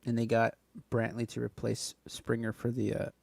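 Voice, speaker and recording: A man co-hosting a casual podcast chat, joking and laughing often in quick bursts. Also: medium pitch, monotone, vocal fry, a little mellow, no echo. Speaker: podcast co-host.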